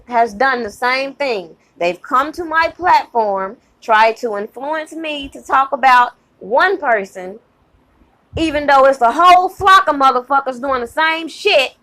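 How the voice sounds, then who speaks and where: A fired-up woman rants to her channel audience, swearing freely and hammering her points home. Her voice sits a little on the high side and jumps up sharply when she gets worked up. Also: sharp tone. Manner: heated, profane, emphatic, repeats herself. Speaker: channel host. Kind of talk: angry rant to camera.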